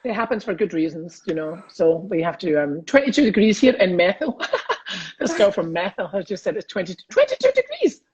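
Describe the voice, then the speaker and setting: A man's voice: sits high, big pitch swings, fairly quick, a little mellow, husky, highs cut off. A Scottish man, a comedian, chatting cheekily on a video call and laughing often. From Scotland. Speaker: comedian guest. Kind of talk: casual chat on a video call.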